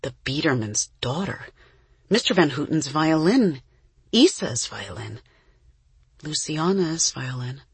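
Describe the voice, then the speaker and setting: A woman narrating a children's book in a calm, even storytelling manner. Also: low voice, slow pace, pauses often, husky, no echo. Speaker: audiobook narrator. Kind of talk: scripted narration.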